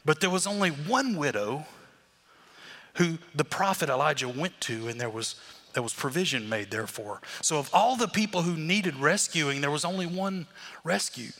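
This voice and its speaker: Pastor guy preaching, kinda high bright voice, big hall echo, acts out the crowd. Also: expressive, moderate pace. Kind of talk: sermon.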